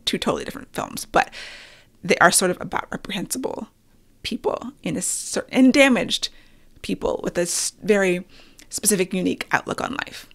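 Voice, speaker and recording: A woman's voice: mid-range voice, creaky, a bit bright. A middle-aged woman hosting her own podcast, chatting candidly and with self-deprecating humor about films and her week. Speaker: podcast host. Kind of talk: casual solo podcast chat.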